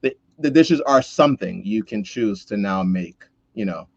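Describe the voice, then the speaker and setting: A man co-hosting a podcast, talking in a reflective, earnest way with quick restarts and quoted asides. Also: lowish voice, lively intonation, darkish tone, no room sound, muffled recording. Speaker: podcast co-host. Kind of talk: casual conversational chat.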